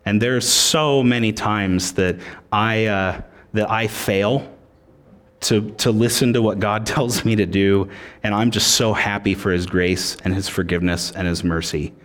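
A man's voice: lowish voice, steady tone, measured pace, a bit bright. A man preaching a sermon as pastor, conversational and joking.

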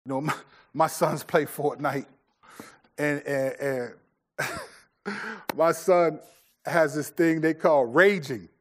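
Middle-aged man preaching, fairly high voice. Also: slow, long pauses. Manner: conversational, with many fillers and restarts. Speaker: pastor. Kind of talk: sermon.

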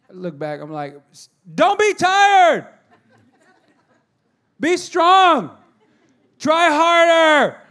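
A man, preaching a sermon and telling stories, shifting between hushed, soft moments and loud exhorting. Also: high-pitched, gravelly. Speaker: pastor.

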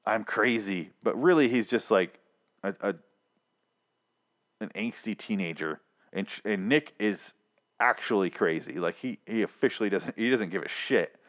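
Young male host, solo show recap, loose rambling delivery, lowish voice, mocks characters in silly voices. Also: normal speed, a bit bright. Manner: rambling, joking, acts out characters in mocking voices. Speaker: podcast host recapping a TV episode.

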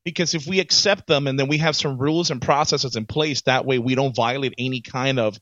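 A man co-hosting a casual podcast chat as an HR professional, animated and repeating his words as he starts each thought. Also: mid-range voice, a little fast, no room sound. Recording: dull, slightly lo-fi dry sound.

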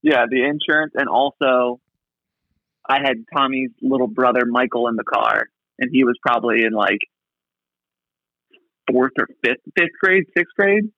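A man's voice: medium pitch, moderate pace, long pauses, no room sound. A man in his thirties chatting casually as podcast co-host, laid-back and self-mocking. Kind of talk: casual chat. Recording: dull lo-fi audio.

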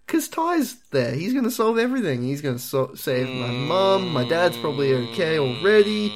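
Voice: mid-range voice, sing-song, normal speed. A podcast host putting on the voice of an anxious, hopeful little girl.

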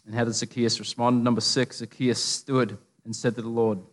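A man's voice: medium pitch, level tone, moderate pace. A man with an Australian accent preaching a casual, humorous sermon, full of stories and asides. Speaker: pastor. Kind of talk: conversational sermon. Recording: long reverb of a large hall.

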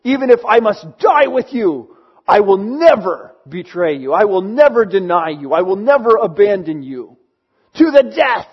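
A man voicing an impulsive fisherman disciple who insists loudly on his loyalty. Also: sits high, lively intonation, normal speed, slightly rough, muffled recording. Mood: emphatic. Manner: emphatic, insistent protesting.

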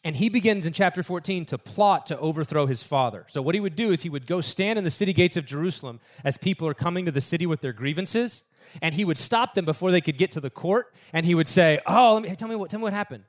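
A man's voice: fairly high pitch, lively intonation, fast. A man preaching a sermon in a casual, conversational storytelling way, acting out the people in the story.

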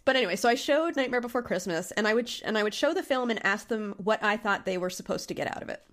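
Casting note: stuffy-nosed woman podcast host, frank and casual, quick to laugh. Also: mid-range voice, expressive. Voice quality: nasal. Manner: candid, laughs often, swears casually. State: congested, intermittent coughing. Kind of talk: casual chat.

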